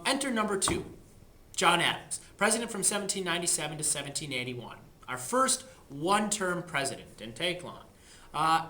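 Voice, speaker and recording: A man giving a casual history lecture, chatty and jokey with plenty of slang. His voice is bright and forward, and the room adds a clear echo. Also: on the high side. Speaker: history teacher. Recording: echoey room.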